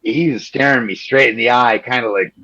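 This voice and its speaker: A male journalist from Chicago talking in a lively, quick, conversational rush, dropping "like" everywhere and slipping into voices when quoting people. The audio is a little muffled and lo-fi. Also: mid-range voice. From Chicago, Illinois. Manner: animated, quick, peppered with "like", acts out quoted politicians. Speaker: journalist guest. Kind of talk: conversational interview answers.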